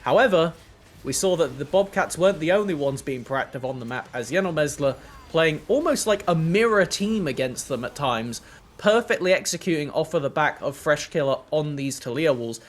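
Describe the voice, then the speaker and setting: A man commentating an esports match, breaking down plays in an analytical, lively way and leading a post-game interview. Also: on the high side, normal speed. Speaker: esports caster.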